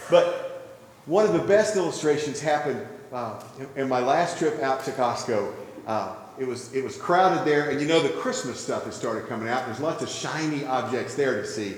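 A man preaching a sermon, telling a story with gentle humor before moving into earnest teaching. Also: mid-range voice, animated, normal speed, a little hiss or hum. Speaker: pastor. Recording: very echoey hall with long reverb.

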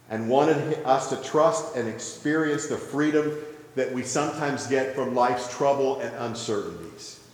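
A man preaching a sermon, telling a story with gentle humor before moving into earnest teaching. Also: medium pitch. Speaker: pastor. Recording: very echoey hall with long reverb.

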